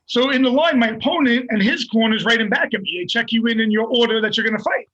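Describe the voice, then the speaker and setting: An older man, a fighter, telling a story in casual, profane, animated bursts and laughing along the way. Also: extremely high pitch, fast, muffled recording. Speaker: guest fighter.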